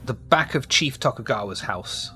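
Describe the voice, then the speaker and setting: A man narrating a tabletop role-playing game as game master in a calm, measured way over an online call. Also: medium pitch, husky.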